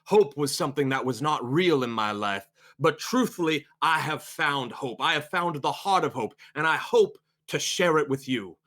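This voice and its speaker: A man voicing a slick, charismatic male cult preacher, speaking in a grand, slow, oratorical way during a tabletop role-play. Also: a little high, animated, pushed and bright, pitched above the performer's own voice. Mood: preaching.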